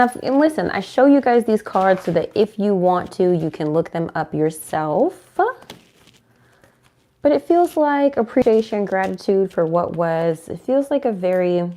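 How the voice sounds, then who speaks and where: A woman's voice: fairly low pitch, warm tone. A young woman tarot reader chatting casually to her viewers, sometimes breaking off to coo affectionately at her dog. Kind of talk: casual tarot reading chat to camera.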